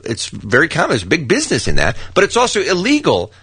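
A man's voice: a little high, huge pitch swings, fast talker, a bit bright, slightly rough, dry recording. A man co-hosting a morning radio show, telling a story in a chatty way, often laughing and restarting his sentences.

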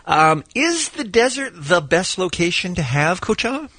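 A man hosting a casual radio chat in a studio, teasing his co-host and quick to laugh. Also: high-pitched, big pitch swings, sharp tone, husky, dry recording.

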